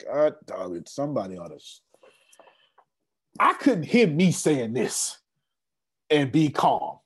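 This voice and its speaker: Male presenter, hype pitch style, husky and animated, video-call mic. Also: slow. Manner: excitable, repeats phrases, casual slang. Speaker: presenter of an online business meeting.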